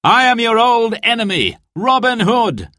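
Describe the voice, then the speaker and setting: A man voicing a bold young male outlaw hero in a storybook reading, with a raised, excited delivery. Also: very high voice, measured pace, voice pushed up, heavily acted. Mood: triumphant.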